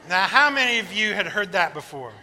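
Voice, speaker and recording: Pastor, male, sermon delivery with lively storytelling; very bright, high voice, long church reverb. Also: fairly quick. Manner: storytelling, animated joke-telling.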